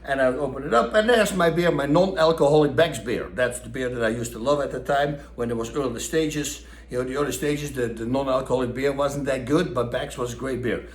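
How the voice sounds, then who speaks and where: A man's voice: fairly quick, few pauses. A middle-aged man with a Dutch accent telling a story casually and animatedly, acting out what people said. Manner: animated, acts out quotes with raised pitch. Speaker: storyteller host. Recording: echoey room.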